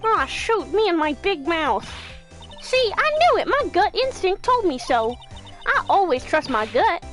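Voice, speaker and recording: Woman doing a clumsy blustery detective guy, keeps saying pal, lively voice. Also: extremely high pitch, a little slow, faint music behind, heavily acted. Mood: blustering. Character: bumbling gruff male police detective. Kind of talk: game voice reading.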